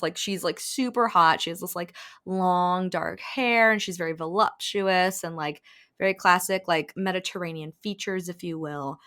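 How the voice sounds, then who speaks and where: A woman's voice: fairly low pitch, pushed and bright. A woman co-hosting a podcast, retelling a book plot in a chatty, profane way, full of "like" and bursts of laughter. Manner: chatty, profane, filler-heavy with frequent "like". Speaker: podcast co-host. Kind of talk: casual chat.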